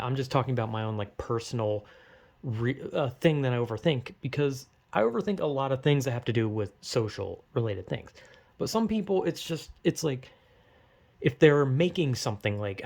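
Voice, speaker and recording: A man's voice: mid-range voice, animated, normal speed, gravelly, a little mellow. A young man rambling in a casual, self-conscious monologue, swearing as he goes. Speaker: vlogger.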